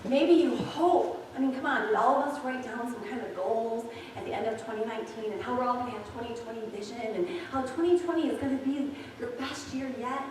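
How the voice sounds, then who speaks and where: The sermon comes from a pastor in her forties whose fairly high voice moves a little fast with few pauses. Candid and chatty, she tells her congregation personal stories in a church sanctuary, recorded far from the mic in a very echoey space with slight hiss or hum.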